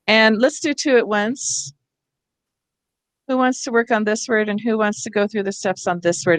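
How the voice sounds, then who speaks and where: A woman's voice: mid-range voice, no room sound. A woman leads teachers through a reading workshop over a video call, explaining patiently step by step.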